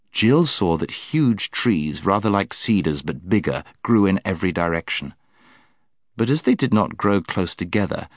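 A man reading an audiobook aloud, telling the story in a measured, expressive way. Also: fairly low pitch, no room sound, clean studio sound. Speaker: audiobook narrator. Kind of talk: scripted narration.

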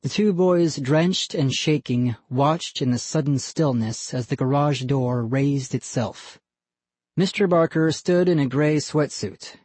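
A narrator reading a scary children's story in measured, even storytelling. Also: mid-range voice, no room sound. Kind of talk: scripted audiobook narration.

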